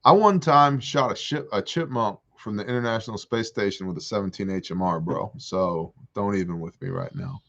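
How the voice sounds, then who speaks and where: A man hosting a casual livestream from a porch, reading viewer comments aloud and answering them with animated jokes. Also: lowish voice, normal speed, few pauses, lo-fi sound. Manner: joking, animated, reads chat aloud. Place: outdoors on a porch.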